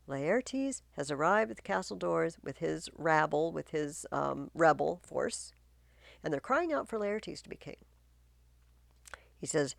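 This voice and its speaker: A woman's voice: sits low, big pitch swings, unhurried, vocal fry, dry recording, clean studio sound. A woman teaching literature, chatty and explaining the plot in plain words. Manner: chatty, questioning the text. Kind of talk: casual explanatory tutorial.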